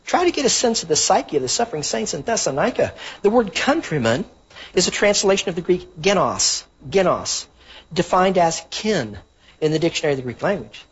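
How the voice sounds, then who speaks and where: A man's voice: high voice, sing-song, a little fast, slightly rough. A man preaching a sermon, earnestly teaching from the Bible and citing chapter and verse. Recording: dull lo-fi recording.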